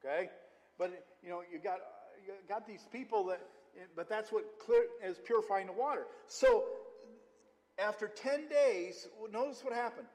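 A man's voice: high-pitched, normal speed, a little mellow. A male pastor preaching a conversational sermon, mixing scripture with personal stories. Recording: long hall reverb.

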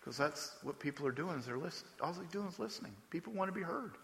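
A man's voice: fairly high pitch, expressive, fast talker, vocal fry, fairly bright tone, in a large hall, slight background noise. A man preaching a sermon as pastor, speaking conversationally and with emphasis, often putting questions to the congregation.

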